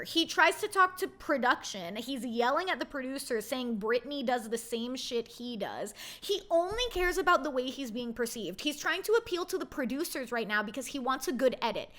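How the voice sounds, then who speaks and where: A woman's voice: sits high, sharp tone. A young woman hosting a reality TV recap, giving blunt, indignant commentary in a casual way.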